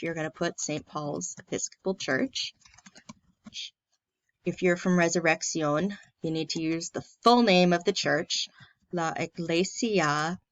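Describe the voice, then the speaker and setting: A woman's voice: on the low side, dry recording, highs cut off. A woman from a church staff, talking through an online tutorial in a friendly, plain step-by-step way. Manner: friendly, plain step-by-step walkthrough with filler ums. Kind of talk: casual screen-recorded tutorial.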